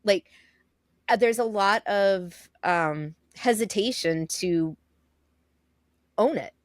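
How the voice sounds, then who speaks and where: A woman co-hosting a casual podcast, speaking candidly with casual swearing and pauses to find her words. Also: medium pitch, no room sound, studio quality. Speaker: podcast co-host.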